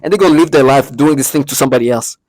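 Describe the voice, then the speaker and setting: A man's voice: mid-range voice, rapid-fire, darkish tone, dry recording. Agitated man stammering through a rant. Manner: agitated, stammering, repeats words. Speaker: vlogger. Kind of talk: emotional personal monologue.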